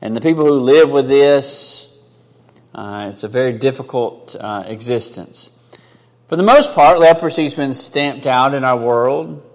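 A man's voice: mid-range voice, measured pace. Preaching man in a reverberant hall. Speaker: pastor. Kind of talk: sermon.

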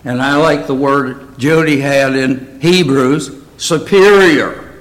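A man's voice: mid-range voice, takes it slowly, rough recording. A man teaching a Bible study in a plain, conversational way, often asking his listeners questions.

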